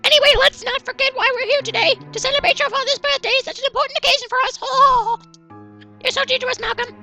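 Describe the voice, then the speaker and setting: A man in a high falsetto voicing a fussy upper-class mother who scolds her family. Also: fairly even intonation, a little fast, gravelly, bright, forceful tone, soft background music, full character voice. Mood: gushing. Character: shrill fussy upper-class mother, middle-aged woman.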